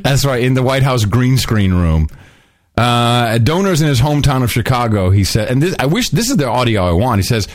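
A man's voice: medium pitch, big pitch swings, brisk, dry recording, studio quality. A man hosting a podcast, riffing in a sarcastic, mocking way and laughing often at the clips he plays. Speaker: podcast host. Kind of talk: casual comedic commentary.

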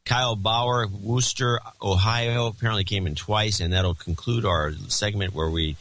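A man's voice: deep voice, a bit bright, rough recording. A man co-hosting a podcast in casual chat, reading donor names and plugs with dry, wisecracking asides. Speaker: podcast co-host.

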